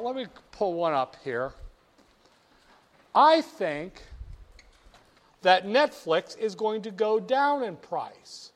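A man lecturing a class, stressing key words and having students repeat phrases back to him. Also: high-pitched. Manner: emphatic, drills terms, asks students to repeat. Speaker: teacher.

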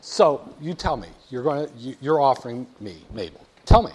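A man's voice: mid-range voice, lively intonation, normal speed, darkish tone, slightly rough. A man lecturing a class, playful and teasing, talking straight to the students.

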